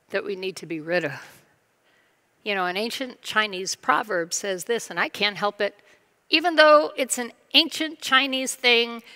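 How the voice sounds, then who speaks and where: A woman's voice: mid-range voice, a bit bright. A woman pastor giving a recovery lesson in an earnest, conversational and personal way.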